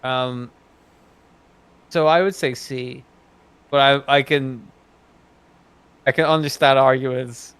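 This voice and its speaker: A man's voice: medium pitch, steady tone, takes it slowly, pauses often, fairly bright tone, smooth, no room sound. A man from Ireland, co-hosting a podcast and weighing his opinions carefully, with many fillers. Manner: thoughtful, hedging, with many fillers. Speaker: podcast co-host. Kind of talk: casual comic-book ranking chat.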